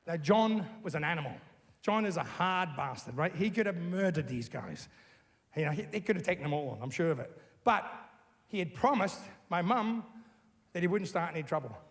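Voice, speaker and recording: High-voiced man telling stories. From Australia. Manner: animated, blunt, swears freely. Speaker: interviewee. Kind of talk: casual storytelling.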